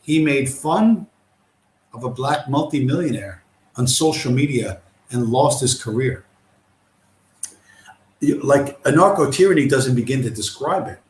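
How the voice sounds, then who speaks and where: A man's voice: medium pitch, lively intonation, measured pace, pauses often, slight background noise. A man hosting a livestream, ranting in a profane, scornful and combative way. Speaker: livestream host. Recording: roomy echo.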